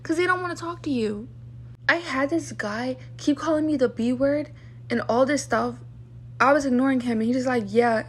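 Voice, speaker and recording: A young woman tells stories to her vlog camera in a loose, rambling rant. Her voice sits a little high, and she sounds exasperated and fed up. She fills her talk with "like" and acts out the lines of the people she is complaining about. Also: normal speed, slightly rough. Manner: exasperated, lots of "like", acts out what others said. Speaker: vlogger. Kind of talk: casual storytime rant.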